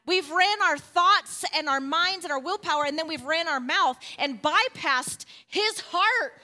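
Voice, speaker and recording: A woman talking casually about faith, animated and preachy, acting out quoted voices. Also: extremely high pitch, unhurried. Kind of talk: faith-based casual discussion.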